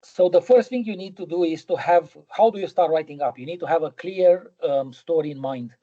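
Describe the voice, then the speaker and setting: A man's voice: a little high, fairly quick, warm tone, muffled recording. A middle-aged man giving a physics lecture in a webinar, hesitant, with many ums and repeated words.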